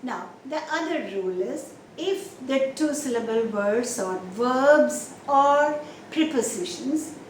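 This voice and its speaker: Slow, deliberate woman teaching pronunciation. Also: sits high. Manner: stretches and repeats example words to model stress. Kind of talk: slow, deliberate classroom explanation. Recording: roomy echo, faint background noise.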